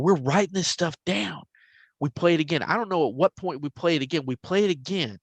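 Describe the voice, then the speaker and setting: A man in his forties casually telling a story, getting animated and hushing into whispers for quoted voices. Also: a little high, a little fast, dry recording. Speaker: podcast host telling a story.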